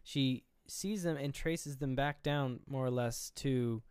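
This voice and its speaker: A man co-hosts a casual podcast, retelling a movie scene by scene in a loose, rambling, profane way. His voice is smooth and clear at a middle pitch. The sound is close and dry, with no room around it. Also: slow pace, a little mellow, dry recording. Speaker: podcast co-host. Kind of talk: casual chat recapping a film.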